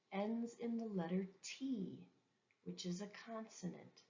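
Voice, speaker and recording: A woman's voice: medium pitch, measured pace, vocal fry, warm tone. A woman teaching an English grammar lesson, speaking carefully and repeating example words for learners. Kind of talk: slow, deliberate language lesson. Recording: dull lo-fi recording.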